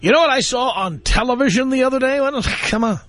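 Man, radio host, high pitch, wry and mocking, dry close studio sound. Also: expressive, a little fast, fairly bright tone, no echo. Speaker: radio talk show host. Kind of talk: call-in talk radio. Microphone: close studio mic.

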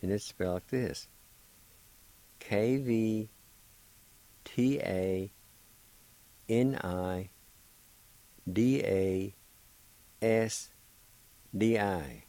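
Slow, patient man teaching pronunciation. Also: fairly low pitch, warm tone, dry recording, poor audio. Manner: slow, patient, spells out syllables one at a time; encouraging. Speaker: radio host teaching Cherokee. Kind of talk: spelling and pronunciation lesson.

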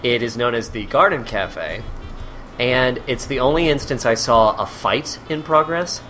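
A man chatting as a podcast guest, telling animated stories with deadpan asides. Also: mid-range voice, a little slow, soft background music. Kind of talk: casual chat.

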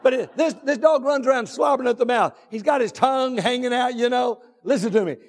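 A man with a very high voice preaches in a church, his words ringing out in a long hall reverb. He drags out his phrases and repeats them, then shouts his key points. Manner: drawn-out deliberate phrasing with repetitions. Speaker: pastor. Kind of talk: sermon. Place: church sanctuary.

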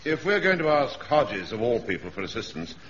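A man's voice: medium pitch, sing-song, a little fast, a bit bright. An actor playing a mild, diffident, languid male sergeant in a radio sitcom. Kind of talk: 1970s radio sitcom acting. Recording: dull old radio recording with faint hiss.

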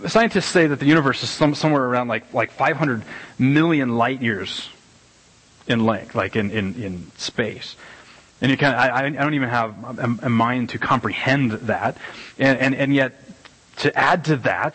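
Husky-voiced rambling preacher man. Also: mid-range voice, rough recording. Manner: animated, rambling, with many restarts and repeated words. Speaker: pastor. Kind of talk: casual conversational sermon. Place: church sanctuary.

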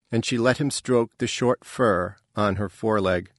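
A man reading a novel aloud in a measured, even storytelling manner. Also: lowish voice, dry recording, clean studio sound. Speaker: narrator. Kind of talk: scripted narration.

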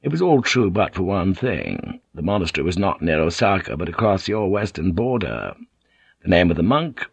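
A man narrating an audiobook in a measured, even manner. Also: deep voice, vocal fry, slightly rough, no echo, muffled recording. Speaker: audiobook reader. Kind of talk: scripted narration.

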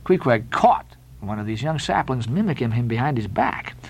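A man reading a classic novel aloud as an audiobook narrator, dramatic and expressive. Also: medium pitch, normal speed, low-quality recording.

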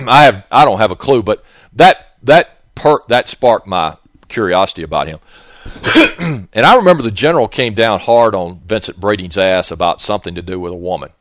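A man's voice: on the low side, expressive, moderate pace, a bit bright, dry recording, clean studio sound. A man with a Southern accent, hosting a rambling monologue in a blunt, profane, digressive way.

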